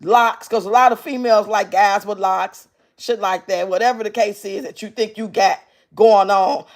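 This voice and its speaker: A brash woman livestreamer who talks straight at her viewers, cursing freely and mocking the people she reacts to. Her voice stays at a middle pitch, and her delivery is loose and conversational. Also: darkish tone. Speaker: livestream host reacting to clips. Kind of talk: blunt commentary and chat reading.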